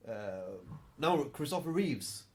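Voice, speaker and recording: A man's voice: mid-range voice, big pitch swings, slow pace. A man, co-hosting a podcast in casual chat, often hesitant and laughing. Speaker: podcast co-host.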